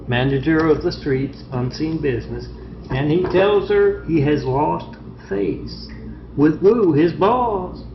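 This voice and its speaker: A man with a high, gravelly voice tells a meandering story, wandering from one loose thread to the next. The sound is echoey and dull, like a lo-fi recording in a bare room. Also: noisy background. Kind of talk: rambling spoken story.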